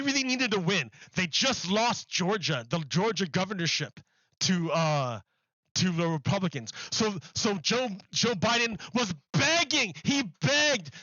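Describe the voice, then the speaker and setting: High-pitched guy going off on a live stream, keeps repeating himself, bit muffled mic. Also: bright, forceful tone, no room sound. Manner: emphatic, repeats himself, mocking. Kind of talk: live-stream political rant.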